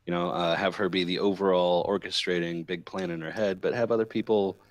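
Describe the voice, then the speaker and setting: A man's voice: low voice, fairly even intonation, a little fast, dry recording. A man co-hosting a casual podcast chat in a laid-back way. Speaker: podcast co-host.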